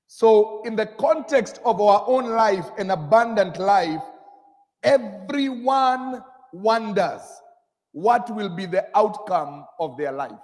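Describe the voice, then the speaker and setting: A man preaching a sermon, reading scripture slowly and drawing responses from the congregation. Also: high-pitched, expressive, a little mellow. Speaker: pastor. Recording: long hall reverb.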